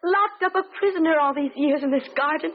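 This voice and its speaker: A woman's voice: high voice, fairly quick, lightly acted. An actress playing a lonely, innocent young woman in a 1970s radio drama, pleading and emotional. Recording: tinny, phone-like old radio broadcast.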